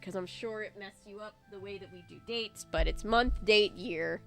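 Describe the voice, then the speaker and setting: A woman's voice: mid-range voice, normal speed, vocal fry, soft background music. Chatty woman narrating gameplay. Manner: chatty, self-deprecating, thinks aloud. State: coughing, allergies. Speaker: let's play host. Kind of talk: casual gameplay commentary.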